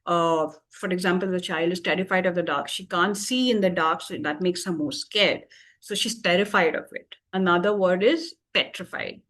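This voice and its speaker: A woman tutor patiently explaining English vocabulary with everyday examples, pausing often with fillers. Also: on the low side, fairly bright tone.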